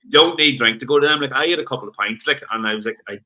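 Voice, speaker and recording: A man's voice: medium pitch, bright, forceful tone, lo-fi sound. A man with a Northern Irish accent, a podcast guest rambling through stories in casual chat. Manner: rambling, quick, restarts sentences.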